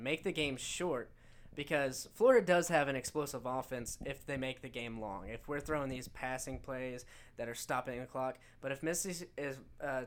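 A man co-hosting a casual sports podcast, rambling with many fillers and restarts as he breaks down college football games. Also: mid-range voice. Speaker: podcast co-host.

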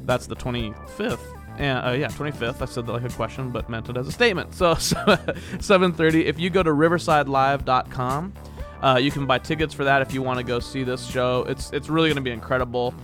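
A man hosting a podcast, talking casually and rambling cheerfully through announcements, with laughs and playful jumps in pitch. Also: quick pace, fairly bright tone, faint music behind. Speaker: podcast host. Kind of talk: casual podcast intro monologue.

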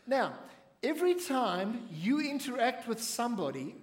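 A man preaching a sermon to a congregation, speaking in measured phrases and asking the audience to respond. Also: very high voice, very animated, echoey room, in a large hall. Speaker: pastor.

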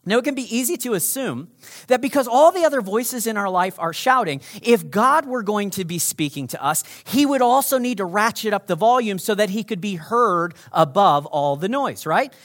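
Animated pastor with a lively voice. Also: male voice, high voice, normal speed. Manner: animated, swings from shouting to whispering. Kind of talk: sermon.

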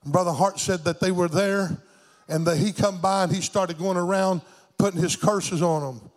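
An older man with a high-pitched voice delivers a fervent, rhythmic sermon, rising into a sing-song lilt. He preaches with conviction and a steady drive. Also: normal speed.

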